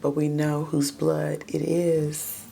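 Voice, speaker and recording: A woman's voice: sits low, little pitch movement, slow, vocal fry, mellow, slight background noise. A woman giving a casual, gossipy recap of a TV episode, calling her listeners baby and child.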